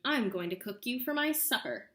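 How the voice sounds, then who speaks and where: A woman voicing a cruel, hungry old witch in a storybook read-aloud, gruff and menacing. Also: a little high, expressive, normal speed, roomy sound. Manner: gruff, menacing, shouts when angry.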